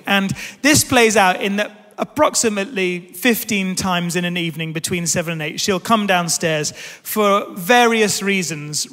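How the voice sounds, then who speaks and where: A man in his thirties giving a sermon, telling a family story as an animated, self-deprecating storyteller. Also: high voice. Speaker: pastor. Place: large church hall. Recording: reverberant church hall.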